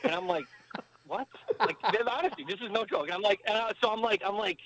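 A man's voice: sits high, fast, fairly bright tone, rough recording. A man, a former pro hockey player, telling a long story as a podcast guest, with lots of fillers and rambling asides. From United States. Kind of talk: casual storytelling interview.

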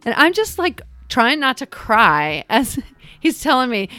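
Female guest, mid-pitched, heartfelt storyteller, dry close mic, faint music behind. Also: big pitch swings, unhurried, no room sound. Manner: warm storytelling, heartfelt, emphatic. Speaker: church group leader, podcast guest. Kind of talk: casual faith podcast conversation.

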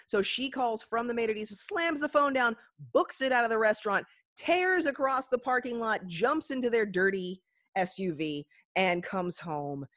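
A woman's voice: on the high side, moderate pace, no room sound, studio quality. A woman co-hosting a podcast, retelling movie scenes with energy and plenty of swearing. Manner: profane, energetic retelling with acted quotes. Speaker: podcast co-host. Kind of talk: casual movie recap chat.

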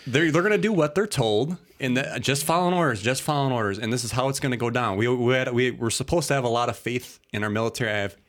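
A man's voice: medium pitch, quick pace, few pauses. A man hosting a casual talk show, a bit tipsy from drinking, rambling and laughing as he talks. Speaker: podcast host. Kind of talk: casual chat.

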